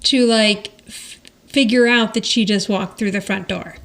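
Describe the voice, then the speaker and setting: A woman's voice: mid-range voice, fairly even intonation, measured pace, a bit bright. A woman co-hosting a podcast, chatting casually as she retells a sitcom episode scene by scene. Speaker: podcast co-host.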